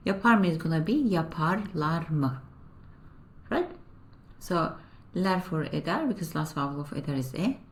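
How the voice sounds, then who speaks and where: A woman teaching a beginner language lesson, explaining grammar step by step in a patient way and repeating example sentences slowly. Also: low voice, lively intonation.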